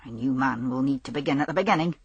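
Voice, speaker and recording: A woman's voice: a bass voice, fast, breathy edge, dry recording, highs cut off, voice pushed down, full character voice. A woman voicing a sardonic male detective who is fond of whisky. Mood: wry.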